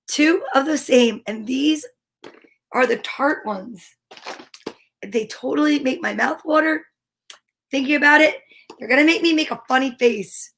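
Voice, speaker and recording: A middle-aged woman hosting a children's story-time show, chatting in a bubbly, animated way to kids at home. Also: sits high, moderate pace, long pauses. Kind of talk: cheerful chat to kids at home.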